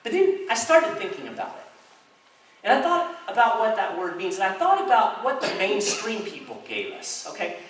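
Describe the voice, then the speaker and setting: Animated man speaking in an echoey hall. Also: high-pitched, moderate pace. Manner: animated, storytelling. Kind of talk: public talk to a crowd. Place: chamber of commerce hall. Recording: echoey hall, distant mic, faint noise.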